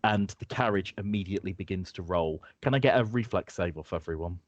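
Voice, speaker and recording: A man's voice: low voice, brisk, no room sound, dull audio. A man narrating as game master, often stumbling and restarting as he describes scenes.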